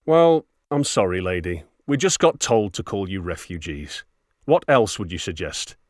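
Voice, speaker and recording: A man's voice: low voice, sing-song, normal speed, a little mellow, no echo, studio quality. A man doing a bored, sarcastic clerk. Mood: irritated. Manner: sarcastic, dismissive. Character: bored, irritable male immigration clerk.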